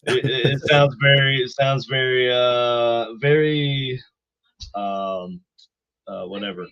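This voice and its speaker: Laid-back American podcast host, dude-talk. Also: male voice, medium pitch, takes it slowly, a bit bright, clean tone, no echo. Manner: laid-back, trails off, uses bro and dude. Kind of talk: casual podcast chat. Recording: slightly dull, dry sound.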